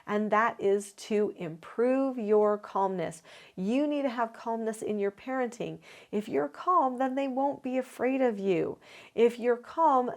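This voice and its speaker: A woman, a parenting educator, giving an instructional talk to camera. She explains her advice clearly and methodically, counting down numbered tips in an earnest, encouraging way. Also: fairly high pitch, a little mellow.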